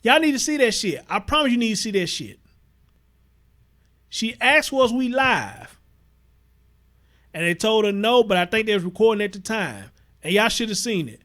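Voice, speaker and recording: A man's voice: high-pitched, expressive, a little fast, a bit bright. Blunt profane man streaming commentary. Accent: Southern US, Houston. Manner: blunt, profane, repeats himself, reads viewer comments aloud. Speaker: livestream host. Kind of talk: casual livestream commentary.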